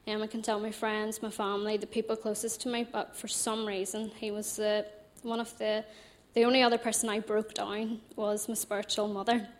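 A young Northern Irish woman telling a personal faith story in a chatty, animated way, laughing often. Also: mid-range voice, normal speed, hardly any pauses.

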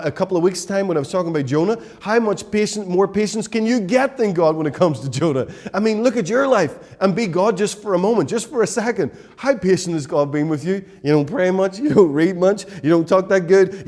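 A man's voice: sits high, darkish tone. A man preaching a sermon as pastor, emphatic and repetitive, with many rhetorical questions.

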